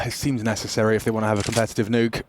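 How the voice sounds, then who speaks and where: A male esports play-by-play caster calls a live match with energy, quickly shouting at big plays in excited commentary. His voice sits on the low side. Loud in-game gunfire and clicks fill the background, along with slight noise.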